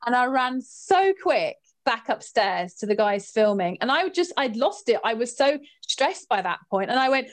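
A woman with a fairly high voice tells a spooky story as a guest. She is animated and expressive, and her pitch leaps upward whenever the story turns dramatic. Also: normal speed, few pauses. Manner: lively, expressive, jumps in pitch when recounting drama. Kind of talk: animated anecdote telling.

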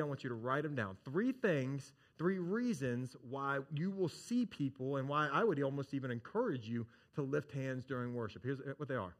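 A man preaching a sermon to a congregation. He is emphatic, repeats his key phrases and asks rhetorical questions. His voice sits a bit higher than most men's. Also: darkish tone. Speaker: pastor.

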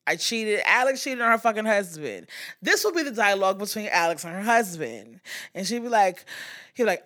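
A woman hosting a podcast with a bright, forceful tone. She talks bluntly and swears freely, acting out quotes in an animated way and firing off fast asides. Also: a little high. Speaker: podcast host. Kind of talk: casual pop-culture chat.

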